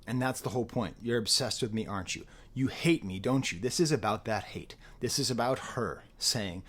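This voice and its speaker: Rambling, animated man reviewing an album. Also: medium pitch, fairly quick, few pauses. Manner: rambling, animated, self-interrupting. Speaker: music reviewer. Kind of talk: casual spoken album review.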